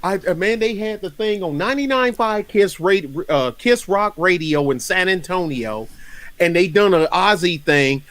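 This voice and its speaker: A man in his fifties from North Carolina, hosting a casual chat and telling stories in an animated, rambling way with frequent laughter. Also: high voice, moderate pace, dry recording. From North Carolina, USA. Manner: rambling, animated storyteller who laughs often. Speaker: podcast host.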